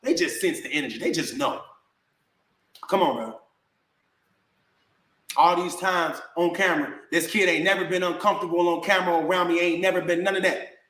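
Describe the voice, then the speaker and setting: A man's voice: high-pitched, normal speed, pauses often, fairly bright tone, echoey room. A man venting in a heated rant to the camera, indignant and repetitive, calling his viewers bro. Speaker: vlogger.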